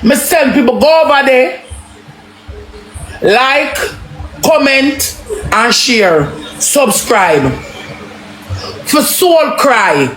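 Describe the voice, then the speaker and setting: A Jamaican woman hosting a live stream, talking loudly and laughing, repeating herself as she rants. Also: sits high, animated, extremely slow, pauses often, echoey room, faint music behind, low-quality recording. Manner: loud, laughing, repetitive. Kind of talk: loud casual live-stream rant.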